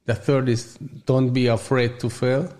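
A man whose first language is Hungarian talks as an interview guest in English with a Hungarian accent. His voice sits in an ordinary middle pitch. He stops, restarts and hunts for words as he goes. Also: level tone, darkish tone. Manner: halting, searching for words in English. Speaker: gym owner.

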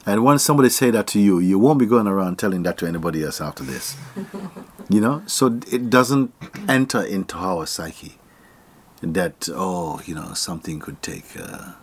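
A man from Jamaica giving a casual spiritual talk, animated and often laughing, sometimes sinking to a near whisper. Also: low voice, moderate pace, slightly rough.

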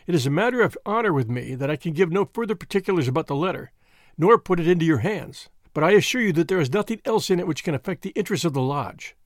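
A man reading aloud, giving an earnest, commanding young man his voice, with lively, rising delivery. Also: a little high, fast, no echo, clean studio sound, lightly acted. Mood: solemn, grave. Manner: earnest, forceful pleading and solemn speechmaking. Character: bold young man, secret-society member, earnest and commanding.

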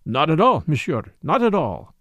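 A man's voice: on the high side, huge pitch swings, moderate pace, no room sound, muffled recording. A man playing a pompous middle-aged French police commissary who speaks in a formal, insistent way.

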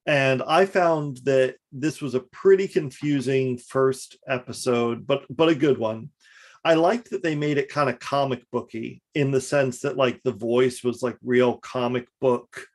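Male co-host, easygoing, mid-pitched, short agreements with the odd theory. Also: unhurried. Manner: brief agreeing replies, theorizing in longer runs. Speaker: podcast co-host. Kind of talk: casual chat.

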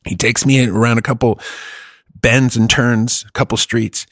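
A man's voice: mid-range voice, flat delivery, moderate pace, no echo, clean studio sound. A middle-aged man telling a long story in a casual chat, rambling, swearing and laughing often.

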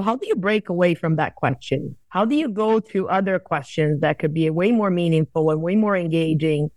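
A woman's voice: lowish voice, darkish tone, dry recording. A woman consultant explaining her views as a guest in a casual interview, often repeating words and restarting sentences. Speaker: customer experience consultant guest.

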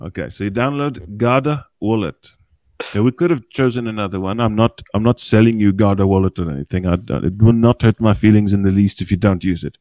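A man's voice: fairly low pitch, fairly quick, warm tone, no echo. Folksy, chatty man explaining crypto. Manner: chatty, folksy, often checks in with "okay?". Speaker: cryptocurrency guest expert. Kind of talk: casual explanatory podcast talk. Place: podcast recording with a small group.

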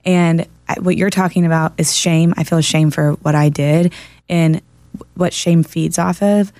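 A woman counselor in casual podcast chat, an animated and earnest storyteller. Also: lowish voice, measured pace, no room sound.

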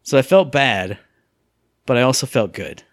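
Animated man chatting about games. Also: mid-range voice, normal speed, no echo, studio quality. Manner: animated, acts out sound effects and voices. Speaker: podcast co-host. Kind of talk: casual chat about video games.

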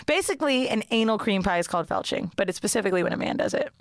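A young woman co-hosting a podcast in casual chat, an animated and profane storyteller who laughs often and mimics the people she talks about. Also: mid-range voice, racing, few pauses, slight background noise. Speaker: podcast co-host.

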